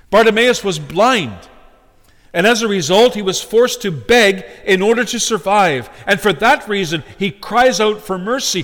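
A male preacher gives an earnest sermon in a fairly high voice. He shifts between loud emphasis and quiet, direct appeals, with long reverb trailing through a hall.

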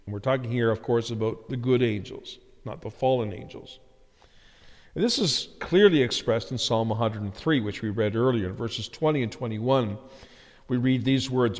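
A man preaching a sermon as pastor, earnest, slowing down and rising for emphasis. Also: medium pitch, long reverb tail.

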